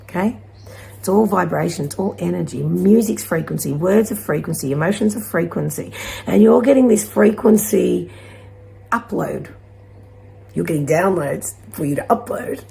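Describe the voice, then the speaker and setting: A woman giving a gentle, encouraging spiritual card reading to her viewers, rambling at times. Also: on the low side, moderate pace, vocal fry, a little hiss or hum. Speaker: intuitive card reader.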